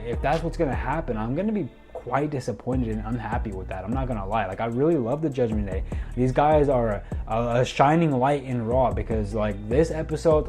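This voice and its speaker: A man's voice: medium pitch, warm tone. A young man casually recapping a wrestling show, rambling with lots of fillers and loosely acting out what the wrestlers said. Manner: rambling, many fillers, acts out quotes loosely.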